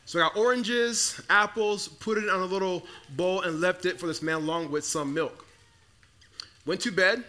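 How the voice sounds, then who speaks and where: Bright-toned young preacher telling stories. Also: male voice, sits high, normal speed. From Congo. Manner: storytelling, conversational with repeated restarts. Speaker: pastor. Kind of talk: sermon. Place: church sanctuary.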